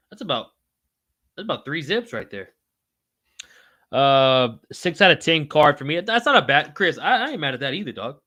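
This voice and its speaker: A man's voice: fairly high pitch, sharp tone, no room sound. A man hosting a casual livestream podcast, reading chat aloud in a loose, slangy, profane way. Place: home room with wall signs.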